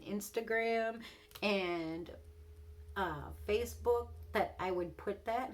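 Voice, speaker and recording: A woman's voice: mid-range voice, slow, pauses often, a little hiss or hum. A young woman beauty vlogger telling a story in casual chat, laughing often and swearing bluntly while she does her makeup.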